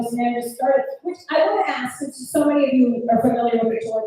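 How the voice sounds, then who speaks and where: A high-pitched woman in her thirties works the crowd at a comedy club, brash and profane, firing off quick asides. Her voice rings around a very echoey room and sounds set back from the microphone, with faint noise behind it. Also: warm tone. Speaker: stand-up comedian. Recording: echoey club, mic heard from a distance.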